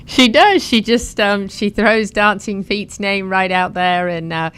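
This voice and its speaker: A woman's voice: mid-range voice, level tone, measured pace, a bit bright, clear, resonant tone. A woman hosting a horse talk show, chatting enthusiastically and reading sponsor lists.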